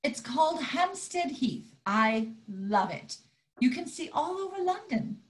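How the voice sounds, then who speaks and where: Woman reads frayed mum, lively high voice, close to breaking. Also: a little slow. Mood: gentle. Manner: pleading, strained. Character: stressed mother Judy, frayed but loving. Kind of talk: live script reading over video call.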